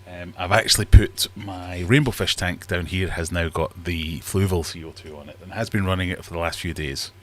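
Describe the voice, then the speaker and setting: A man's voice: low voice, fairly even intonation, normal speed, few pauses, slight background noise. A man hosting a casual livestream from his home fish room, chatting in a rambling, self-deprecating way. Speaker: livestream host.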